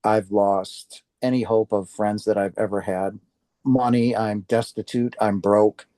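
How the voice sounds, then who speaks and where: As a guest in an interview, an older Wisconsin man shares his own story in an unhurried, level tone, sincere and heartfelt, performing the lines he quotes. His fairly low, warm, mellow voice is captured close and dry, with no echo.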